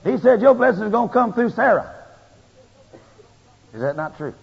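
A husky-voiced man preaches in a folksy, animated style, pushing his emphasis up and up as he drives each point home. His voice sits a little high for a man. The recording is a dull, lo-fi tape that rings with long church-hall reverb. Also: moderate pace. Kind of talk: sermon.

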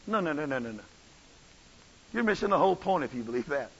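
A man's voice: on the high side, sing-song, quick pace, slightly rough. A man preaching a sermon as pastor, with an impassioned, repetitive cadence. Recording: dull audio with long church reverb.

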